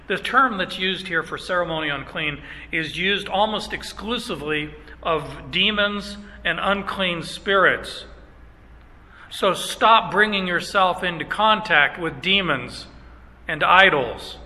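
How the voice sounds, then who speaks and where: Slow, bright-voiced preacher in a hall. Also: male voice, high-pitched. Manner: emphatic preaching with slow stressed phrases. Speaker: pastor. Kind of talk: sermon.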